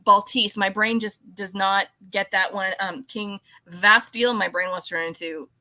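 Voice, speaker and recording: Bright chatty Californian woman host. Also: mid-range voice, steady tone, normal speed. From United States. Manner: chatty, rambling, laughs often. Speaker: podcast host. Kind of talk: casual podcast interview.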